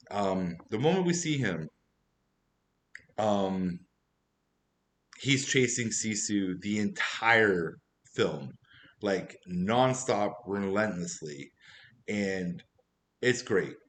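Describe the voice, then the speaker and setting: A man giving a casual spoken movie review, rambling and chatty with frequent asides. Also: fairly low pitch.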